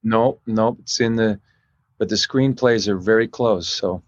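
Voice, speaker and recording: A man's voice: fairly low pitch, measured pace, no room sound, highs cut off. A middle-aged man being interviewed as a guest, rambling and restarting his sentences often.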